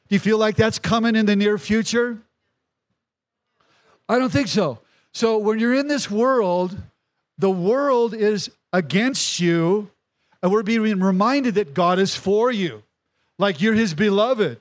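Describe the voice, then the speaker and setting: High-voiced pastor preaching emphatically. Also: male voice, measured pace. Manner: emphatic preaching with repetition and calls to the congregation. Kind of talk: sermon. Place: church service in a tent.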